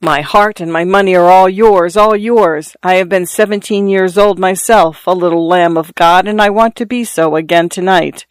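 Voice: mid-range voice, fairly even intonation, moderate pace, hardly any pauses, clean tone, no room sound, close to an everyday voice. A storybook narrator voicing a big, burly sailor who coaxes and wheedles possessively. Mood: coaxing. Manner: coaxing, wheedling.

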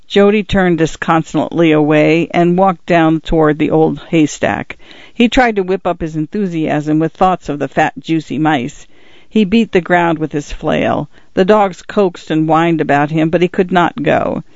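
A man narrating a story in a steady, even audiobook reading. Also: a little high, moderate pace, no room sound. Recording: dull, lo-fi dry recording.

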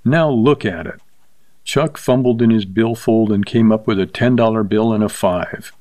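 A man reading a short story aloud with steady, measured narration. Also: lowish voice, dry recording.

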